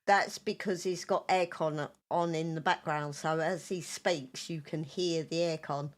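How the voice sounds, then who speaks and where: A woman's voice: low-pitched, steady tone, a little slow. A woman co-hosting a casual podcast, easygoing and chatty. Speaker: podcast co-host. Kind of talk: casual chat.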